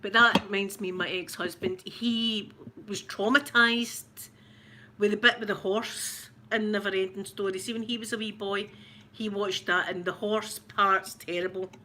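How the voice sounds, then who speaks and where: There's slight background noise as a middle-aged Scottish woman runs a casual ASMR livestream, rambling and greeting people by name. She speaks at a moderate pace in a mid-range, bright voice with a steady yet forceful tone.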